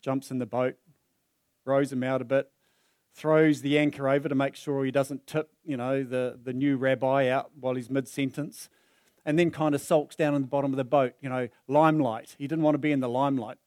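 In a church hall, a man preaches into a handheld or stand microphone, vividly telling a story and animating it with different voices. His mid-range voice moves briskly, and the sound is clean, like a studio recording.

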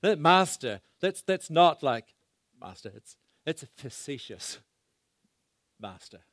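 Dry, animated male preacher. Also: on the high side, a little slow, dry recording. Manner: questions the congregation, swings from loud to hushed. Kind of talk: sermon.

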